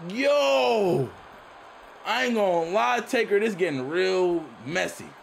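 A young man playing a video game and commentating excitedly, repeating himself and shouting at the screen. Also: high voice, moderate pace, creaky. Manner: loud, repetitive, often shouting at the game. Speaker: gaming YouTuber. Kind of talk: excited let's-play commentary. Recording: noisy game audio behind.

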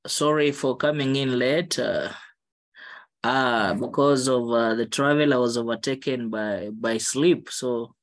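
A man's voice: medium pitch, unhurried. A man joining an online prayer meeting late, speaking hesitantly with many fillers, drowsy. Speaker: prayer group member. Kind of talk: casual apology. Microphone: video call.

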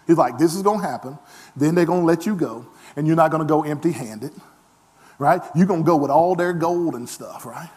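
A man preaching a lively sermon as pastor, self-deprecating, with frequent call-and-response asides. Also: a little high, fairly quick.

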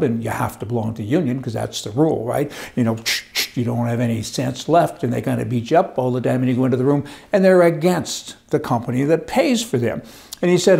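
A man's voice: a little high, vocal fry, mellow. An older man, a commentary host, talking in a rambling, folksy monologue with chuckling asides.

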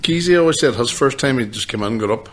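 A man's voice: mid-range voice, expressive, quick pace, a little hiss or hum. A man hosting a podcast, chatty and easygoing in casual talk. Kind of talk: casual chat.

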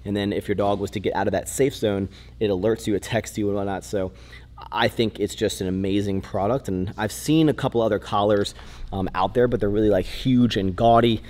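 A man's voice: fairly low pitch, fairly even intonation, brisk, a little mellow, reverberant. A young man vlogging casually, rambling with lots of fillers and breaking into a sponsor read.

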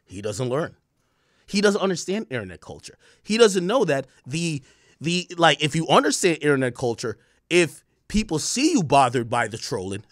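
A man in his thirties ranting on a stream, animated, profane and mocking. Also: on the high side, no room sound, clean studio sound. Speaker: streamer commentator. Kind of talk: ranting commentary.

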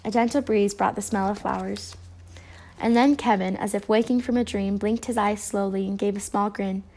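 A woman reading a children's storybook aloud, expressive narration. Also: mid-range voice, moderate pace. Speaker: storybook reader.

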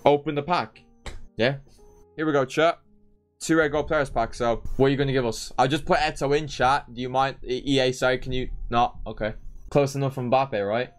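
A man's voice: medium pitch, steady tone, a little fast, soft background music. A young man streaming a football game live, talking to his chat with theatrical, repetitive despair and swearing. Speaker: gaming streamer.

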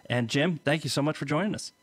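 A man's voice: on the high side, quick pace, husky. A man hosting a podcast interview, bantering playfully with his guest. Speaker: podcast host. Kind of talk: casual interview chat.

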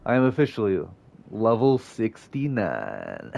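A young man commenting casually on his gameplay, cursing and joking in quick outbursts over game music. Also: mid-range voice, lively intonation, highs cut off. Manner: profane, jokey, quick outbursts. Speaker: gaming YouTuber.

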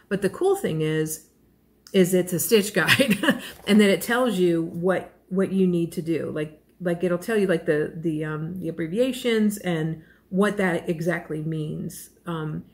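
A woman's voice: on the low side, a little slow. A woman vlogger chatting casually while unboxing a crochet kit, gushing and self-deprecating, rambling with fillers and small laughs.

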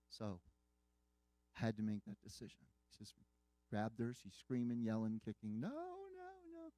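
A man's voice: lowish voice, mellow, dry recording. A man preaching a sermon, earnestly retelling a dramatic story with quoted dialogue.

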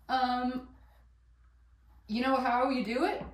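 A woman chatting while she cooks at home, rambling and excitable, swearing casually and laughing as she goes. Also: on the high side, takes it slowly, long pauses. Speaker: vlogger. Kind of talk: casual cooking vlog chat. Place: home kitchen. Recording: echoey room, voice a bit far from mic.

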